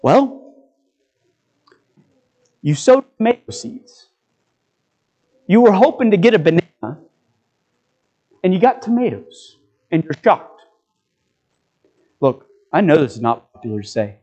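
A man delivers a sermon in a notably high voice. He talks earnestly and exhorts his listeners with a run of rhetorical questions. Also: big pitch swings, unhurried, pauses often, a little mellow, low-quality recording. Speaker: preacher.

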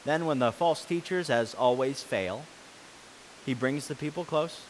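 A man preaching a sermon, reading scripture and explaining it, who swings between loud, forceful passages and soft, quiet ones. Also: mid-range voice, a little slow, slight background noise, poor audio.

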